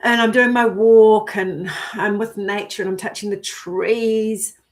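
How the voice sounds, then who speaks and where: Chatty animated woman telling a story. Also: medium pitch. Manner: animated, giggly, swears casually, acts out her own quoted thoughts. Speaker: vlogger. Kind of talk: casual personal storytelling.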